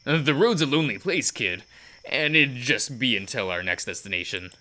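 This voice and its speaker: A talkative, easygoing biker with homespun turns of phrase, put on by a man. The voice is pushed up above the man's usual pitch and sounds bright and forceful. It is a visual novel figure, read aloud during a game playthrough. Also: expressive, normal speed. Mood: folksy. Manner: homespun folksy speech. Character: folksy easygoing male biker, friendly and talkative.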